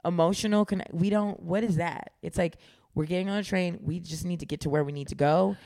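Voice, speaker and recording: A woman comedian, chatting as a podcast guest, animated and swearing freely. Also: lowish voice, a little fast, gravelly, no echo, clean studio sound. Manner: animated, swears freely, acts out quoted voices. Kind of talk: casual podcast chat.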